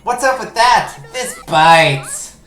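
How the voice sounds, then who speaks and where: A woman's voice: medium pitch, slow, roomy sound, faint music behind, pitched above the performer's own voice. A woman voicing a bubbly, pushy teenage girl. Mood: excited. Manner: excitable, whiny.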